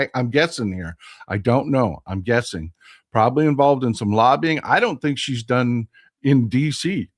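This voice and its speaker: A man with a Texan accent hosting a political livestream, emphatic and repeating phrases for stress while reading viewer comments aloud and answering them. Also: medium pitch. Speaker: livestream host.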